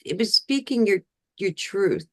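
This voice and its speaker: A woman's voice: medium pitch, sing-song, unhurried. A woman hosting an interview, chatting and jumping in with questions. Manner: chatty, interjects, reads astrology charts. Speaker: host. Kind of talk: casual interview chat.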